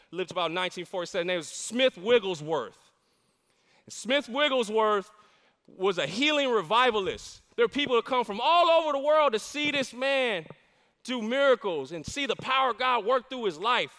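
A middle-aged pastor preaches a sermon with fervent, emphatic delivery, trading call-and-response with his congregation. His high voice is bright and forceful, and the large church sanctuary adds long reverb.

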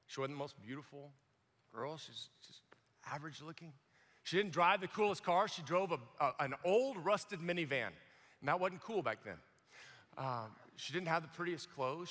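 A middle-aged man preaching a sermon, telling his story with animated acted-out quotes and stammering restarts. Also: on the high side. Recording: long hall reverb.

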